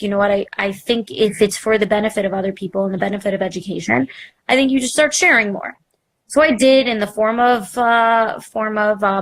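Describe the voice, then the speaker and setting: A young podcast host tells her own story candidly in a live interview, poking fun at herself and staying animated. Her speech is full of "like" and acted-out quotes, and her voice is on the high side.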